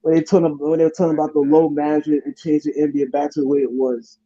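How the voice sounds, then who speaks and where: Dark-voiced New York man, lo-fi. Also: fairly high pitch, rapid-fire, no echo. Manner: animated, laughing, slangy banter. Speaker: podcast co-host. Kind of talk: casual sports podcast chat. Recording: dull lo-fi audio.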